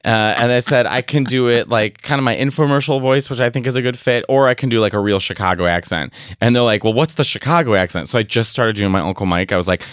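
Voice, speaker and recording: A man chatting as a guest, telling a story with animated energy. His voice is smooth and clear, at a middle pitch. The sound is dry and close. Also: fast talker, hardly any pauses, no echo. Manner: animated storyteller acting out quotes. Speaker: guest performer. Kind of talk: casual chat.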